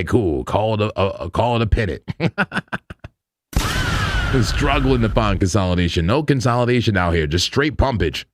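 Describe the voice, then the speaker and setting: Man, livestream trading host, casual slangy chat, frequent laughs, mid pitch, dry close sound. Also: no room sound. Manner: loose and chatty, laughs often, slangy. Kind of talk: casual live market commentary.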